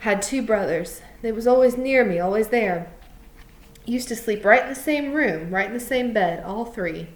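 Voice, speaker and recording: A woman reading aloud, voicing a bitter, lonely older stable hand in a slow, brooding drawl. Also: medium pitch, expressive, natural voice. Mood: wistful, scornful.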